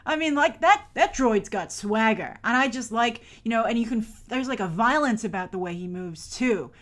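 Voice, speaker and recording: A woman's voice: fairly high pitch, animated, moderate pace. A woman hosting a film review show, casually breaking down a trailer with chatty, rambling enthusiasm. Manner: chatty and rambling, many "like" fillers; enthusiastic fan gushing.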